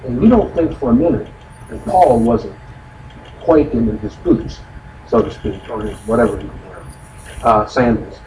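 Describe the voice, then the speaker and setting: A man's voice: mid-range voice, normal speed, dark tone. A man teaching a conversational Bible study, explaining scripture in a folksy way with many asides. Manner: explanatory, folksy, frequent "you know" asides. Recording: echoey room from far off with noise.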